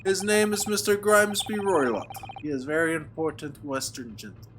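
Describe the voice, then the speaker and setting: A man voicing a gruff, hostile male sailor with a fake Russian accent, speaking blunt broken English over a noisy recording. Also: high voice, big pitch swings, normal speed, pitched above the performer's own voice. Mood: boastful. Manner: broken English with dropped articles, blunt and proud.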